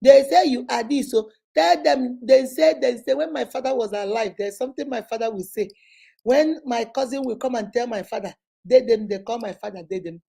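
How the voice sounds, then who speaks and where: A middle-aged Nigerian woman hosting a live show, giving an animated motivational talk with a husky voice. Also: fairly high pitch, brisk. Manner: animated, preachy, with mimicked voices. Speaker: host.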